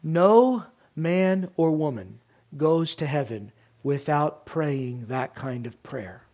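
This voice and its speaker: A male pastor delivering a sermon, moving from quiet, hushed passages to loud, emphatic ones. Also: fairly high pitch, expressive, takes it slowly.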